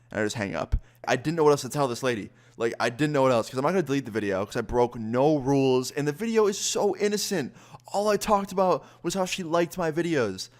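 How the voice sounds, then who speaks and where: A man in his twenties telling a casual story-time vlog, animated and swearing freely. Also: medium pitch, fast talker. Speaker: YouTuber.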